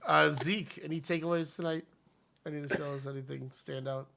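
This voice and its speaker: A man's voice: fairly high pitch, steady tone, normal speed, gravelly, a bit bright. A man hosting a podcast in casual chat, laughing often and joking with profanity. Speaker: podcast host.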